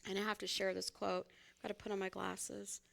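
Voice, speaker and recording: A woman's voice: medium pitch, little pitch movement, a little fast, vocal fry, a bit bright. A woman minister, giving a conversational, folksy sermon and laughing often as she speaks.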